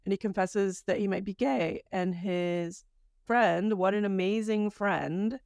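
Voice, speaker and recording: A woman's voice: medium pitch, fairly even intonation, measured pace, creaky, a little mellow, clear, resonant tone, no room sound, clean studio sound. A woman co-hosting a podcast in casual chat, reflective and chatty, laughing often. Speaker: podcast co-host.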